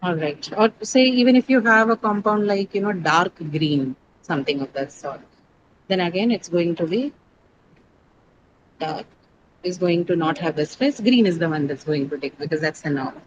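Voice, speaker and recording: A woman's voice: on the low side, lively intonation, normal speed, lo-fi sound, noisy background. Woman teaching an online class. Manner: explanatory, quizzes students, frequent "right?" checks. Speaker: English teacher. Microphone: video call.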